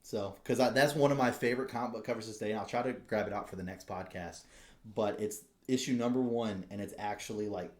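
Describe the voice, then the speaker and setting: A man co-hosting a podcast, telling stories in an excitable, profane casual chat. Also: fairly low pitch, fast, roomy sound. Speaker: podcast co-host.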